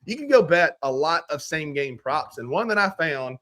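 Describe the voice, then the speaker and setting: A man's voice: a little high, animated, normal speed, sharp tone. A man with a Mississippi accent hosting a casual sports podcast, talking in a laid-back, folksy way as he walks through betting picks. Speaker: podcast host.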